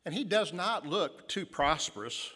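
Man, pastor, sermon storytelling, fairly high voice, long hall reverb. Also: animated, unhurried, pushed and bright. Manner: musing, hesitant with fillers in asides, vivid second-person retelling.

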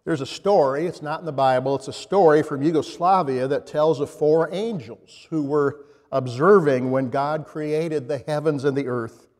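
A man preaching a sermon in a reflective storytelling manner, pausing and restarting as he speaks. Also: on the high side, a little mellow, long reverb tail.

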